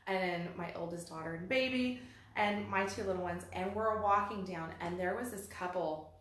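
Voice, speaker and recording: A woman in her forties co-hosting a casual talk, telling stories in an animated way and repeating her phrases. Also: mid-range voice, normal speed, slight background noise. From Texas. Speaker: podcast co-host. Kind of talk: casual chat. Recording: very echoey room.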